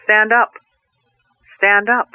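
A booming, solemn Creator spirit speaks slowly and with command, as a man storyteller puts him on. The voice sits a little high for a man. The sound is thin and tinny, as if heard down a telephone line. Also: steady tone, no echo.

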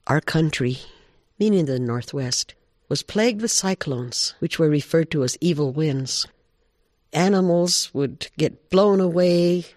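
A man telling an animal folk tale in an expressive, animated way. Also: on the high side, unhurried, dry recording, clean studio sound. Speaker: storyteller.

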